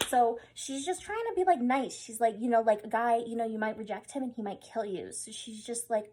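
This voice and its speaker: A woman's voice: on the high side, fairly quick, hardly any pauses. Tipsy rambling woman telling history. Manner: rambling and giggly, full of "like" and "oh my God"; slangy and profane. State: drunk. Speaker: storyteller. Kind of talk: tipsy comedic history retelling.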